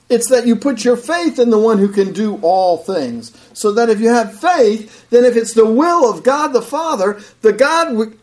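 A man preaching a sermon in an animated way, swinging between loud emphatic bursts and low, quiet asides. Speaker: pastor.

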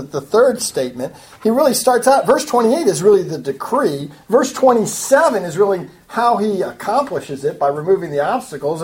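A woman with a slightly low voice teaches a Bible study, working verse by verse through the text. She explains patiently and earnestly, and her delivery rises to emphatic urging when she applies the lesson. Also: a little mellow.

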